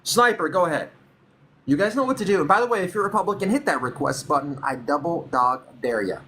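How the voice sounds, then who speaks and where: A man hosting a live stream, speaking in a bright, forceful voice that swings widely in pitch. He is playful and teasing as he rallies his viewers. There is a faint hiss behind him. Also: animated, fast talker. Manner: playful, teasing, hype-building.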